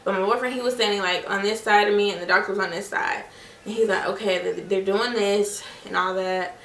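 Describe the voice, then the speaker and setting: Chatty young woman, bright voice, echoey room. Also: mid-range voice, steady tone, fairly quick, a little hiss or hum. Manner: chatty, addresses viewers as "you guys" and "y'all"; acts out voices in her stories. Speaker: vlogger. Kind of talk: casual storytelling vlog. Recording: echoey room, mic at a distance.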